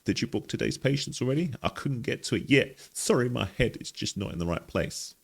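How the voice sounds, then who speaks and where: A man's voice: medium pitch, lively intonation, fairly quick, vocal fry, husky, voice pushed up. A man voicing a scatterbrained, apologetic young male office intern while reading game dialogue aloud. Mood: flustered. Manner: apologetic, flustered.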